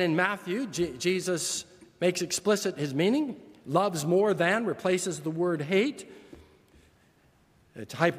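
An older male pastor delivers a sermon in an earnest, emphatic way, stacking repeated phrases to drive his point home. His voice sits high for a man, and the church sanctuary leaves a long reverb trailing behind each phrase. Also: breathy edge.

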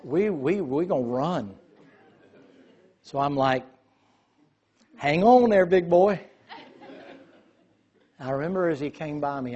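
A man telling a lively story in a sermon, acting out the voices of the people in it. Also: medium pitch, lo-fi sound. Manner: animated storyteller, quotes voices.

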